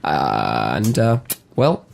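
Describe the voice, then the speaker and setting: A man's voice: very deep voice, wildly swooping pitch, very slow, vocal fry. A young man co-hosting a casual comedy radio chat, rambling and self-deprecating, currently losing his voice. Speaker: co-host.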